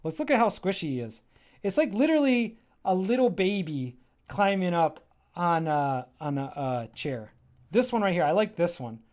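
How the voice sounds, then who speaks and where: A man's voice: sits high, sing-song, moderate pace, darkish tone. A man giving an enthusiastic, rambling walkthrough of his graphic novel on a casual livestream, often breaking off mid-thought. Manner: enthusiastic, rambling and self-interrupting.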